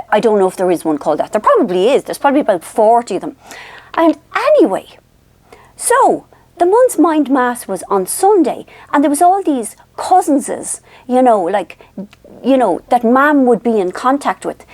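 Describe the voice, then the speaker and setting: A woman with an Irish accent chatting to her viewers, an animated, self-deprecating storyteller. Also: on the high side, moderate pace, dry recording. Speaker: vlogger. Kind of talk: casual chat to viewers.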